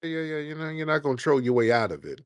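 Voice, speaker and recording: A man hosting a live call-in stream, arguing back at callers with rapid-fire mocking insults. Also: on the high side, lively intonation, clear, resonant tone, dry recording. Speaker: host.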